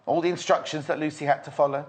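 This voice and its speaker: This slightly high voice keeps a steady tone at a quick pace, with a little background hiss or hum. A man from Merseyside fronts a live shopping show in a chatty sales style, gushing over goods, repeating himself, and teasing his guest.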